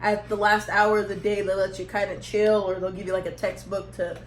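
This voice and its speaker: A woman's voice: medium pitch, flat delivery, fairly quick. A young woman telling a storytime vlog, rambling and laughing at herself. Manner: laughing, rambling, self-teasing. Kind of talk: casual storytime chat. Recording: echoey room, faint background hum.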